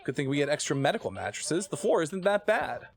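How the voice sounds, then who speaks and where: A man streaming a video game, chatting and joking excitably, easily startled. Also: a little high, a little fast, gravelly. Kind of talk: live game commentary.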